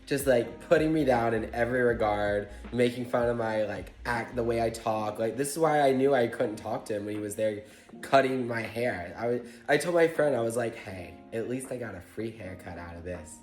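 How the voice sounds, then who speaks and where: A man's voice: mid-range voice, moderate pace. Chatty man in a roomy space. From Tennessee, US. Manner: chatty, animated, heavy use of "like". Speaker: vlogger. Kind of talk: casual storytime chat. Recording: roomy echo with faint music.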